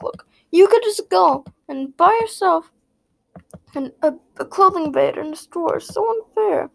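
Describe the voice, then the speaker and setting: A woman's voice: very high voice, lively intonation, a little slow, vocal fry. A female gaming vlog host ranting indignantly in a casual, rambling way, repeating herself and filling with "like".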